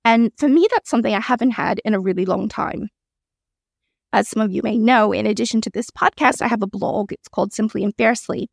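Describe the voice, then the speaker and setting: Husky-voiced woman hosting a chatty podcast. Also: medium pitch, no room sound, studio quality. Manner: chatty and candid, with frequent laughs and "right?" asides. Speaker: podcast host. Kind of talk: solo reflective podcast talk.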